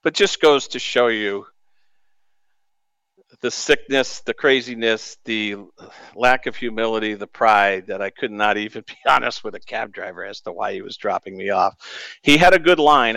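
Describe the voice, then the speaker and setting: A man hosts a late-night sports radio show and tells a personal story in a candid, conversational way. His voice sounds smooth and resonant at a middle pitch. It is close-miked and dry, with no room around it. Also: moderate pace, pushed and bright, no room sound. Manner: candid and storytelling, with rueful laughs. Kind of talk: casual radio monologue.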